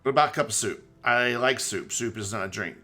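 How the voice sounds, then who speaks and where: A man streaming a game, chatting casually and joking in a rambling, animated way. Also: medium pitch, a little fast, faint music behind. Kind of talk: casual chat while playing a game.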